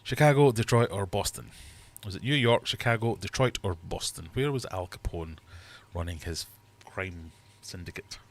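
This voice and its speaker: Reading out questions and scores with chatty jokes, a middle-aged man hosts a casual live quiz stream from his fish room. He has a low voice, a moderate pace and hardly any pauses.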